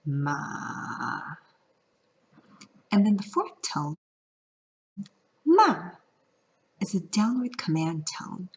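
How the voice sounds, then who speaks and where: A woman's voice: mid-range voice, lively intonation, normal speed, hardly any pauses, darkish tone, slightly rough. A woman from California teaching a vlog lesson, playful and singing out the example tones. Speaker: Mandarin teacher. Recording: lo-fi audio.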